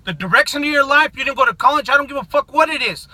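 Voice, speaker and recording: An American man in middle age furiously rants to camera about politics, swearing at his viewers and frequently shouting in a confrontational way. He talks fast with few pauses, and his unusually high voice comes across sharp and bright. The vlog recording is dry, with no room echo.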